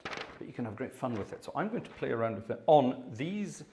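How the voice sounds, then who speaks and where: A chatty man at a mid-range pitch talks viewers through his setup in a loose, self-deprecating way. He hosts a live organ stream and speaks casually between pieces. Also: big pitch swings, brisk, warm tone, slight background noise.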